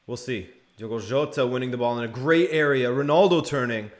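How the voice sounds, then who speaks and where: A man's voice: medium pitch, brisk. A young man hosting a live watch-along stream, calling the play and answering chat. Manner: relaxed play-by-play mixed with chat replies. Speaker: live stream host commentating a match.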